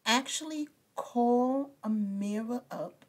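A woman's voice: on the high side, slow, darkish tone. A young woman hosting a let's-play video, chatting casually in slang and talking to her game characters. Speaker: gaming channel host.

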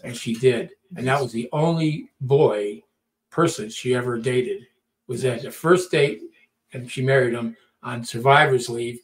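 A man's voice: mid-range voice, measured pace. A middle-aged man telling a story in casual talk, acting out quotes and often repeating words. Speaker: podcast storyteller.

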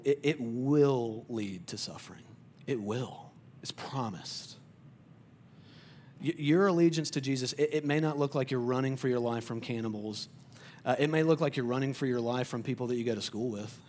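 A male pastor preaching a sermon in a conversational way. He often repeats words as he starts sentences, and he drops to a quiet, soft voice on tender points. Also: mid-range voice, a little hiss or hum.

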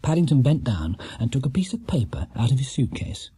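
Man reading a kids' story aloud, mellow and a bit husky, very lively. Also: medium pitch, brisk, no echo. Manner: lively character-rich storytelling. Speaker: audiobook narrator. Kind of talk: children's storybook narration.

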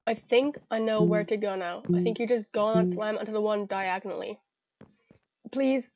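Playing a video game, a young Irish gamer keeps up a giggly, chatty commentary to herself. She speaks at a moderate pace in a mid-range voice, while the audio has its high frequencies cut off and background noise throughout.

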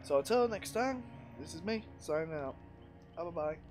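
A man's voice: a little high, expressive, moderate pace, darkish tone, faint music behind. A man hosting a casual gaming stream on a headset, chatting with a friend and laughing often as he talks. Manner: giggly, laughs often while talking. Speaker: streamer host.

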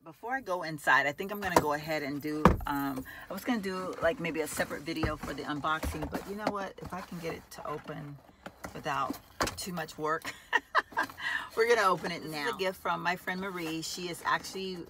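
A woman's voice: low-pitched, a little fast, very noisy. Chatty woman vlogging from her car. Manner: chatty, addresses viewers as y'all. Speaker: lifestyle vlogger. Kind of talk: casual vlog chat. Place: inside a car.

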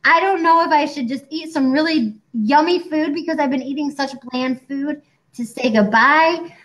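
High-voiced chatty woman in her forties. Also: normal speed, rough recording. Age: 40s. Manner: chatty and animated, acting out quoted doctors. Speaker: co-host. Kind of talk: casual chat.

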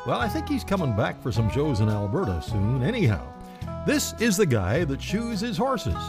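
Male western radio host, folksy and chatty, lively pitch, soft music bed. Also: normal speed. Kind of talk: radio program hosting.

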